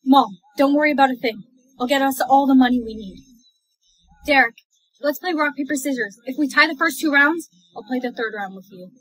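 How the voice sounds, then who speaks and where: A woman's voice: high-pitched, a bit bright, husky, no echo, rough recording. Shrieky, dramatic young woman. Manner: dramatic, whiny and mocking, quick to shriek. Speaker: skit creator. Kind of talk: comic POV skit acting.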